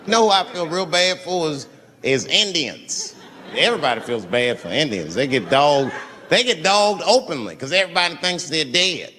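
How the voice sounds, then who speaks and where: Male stand-up comedian, storyteller who acts out scenes, lively pitch. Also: normal speed, big-room sound. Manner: storytelling, acting out characters with big pitch swings.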